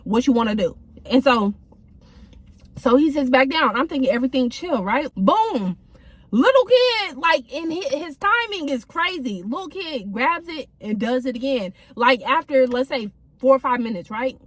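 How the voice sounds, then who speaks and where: A woman's voice: high voice, animated, normal speed. A young woman telling a casual storytime from her car, in a chatty, slangy way with many fillers. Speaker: vlogger.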